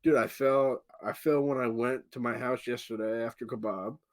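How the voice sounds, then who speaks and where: At a moderate pace and in a mid-range voice, a man who co-hosts a podcast relates a lengthy injury story in a relaxed, chatty way. He swears liberally, stays animated, and performs the quotes of the people involved.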